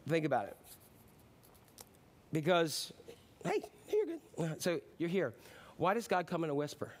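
Male pastor preaching a relaxed, chatty sermon, with ums, rising to loud lines and dropping to near-quiet asides. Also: fairly high pitch, normal speed. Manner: swings between loud preaching and soft hushed asides; casual and chatty, with frequent ums.

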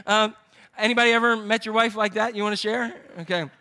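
A man's voice: sits high, steady tone, quick pace, pushed and bright. A man preaching a sermon, telling a scripture story with jokes to his congregation. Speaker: pastor.

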